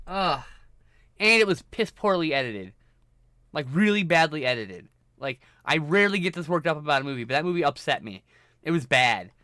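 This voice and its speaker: A man's voice: on the high side, sharp tone, no echo, studio quality. A man streaming live, ranting casually and profanely about movies while working through his film collection. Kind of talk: casual livestream rant.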